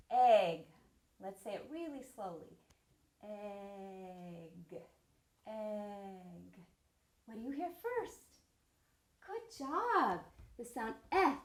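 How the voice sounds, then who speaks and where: Woman teacher, slow sing-song delivery, bright higher voice, roomy echo. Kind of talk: early-grade reading lesson.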